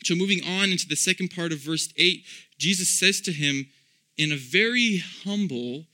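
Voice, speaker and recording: Guy giving a casual sermon, earnest, lots of ums, kinda high and very bright tense voice. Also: moderate pace. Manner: earnest, conversational, many ums and restarts. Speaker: preacher. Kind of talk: informal sermon.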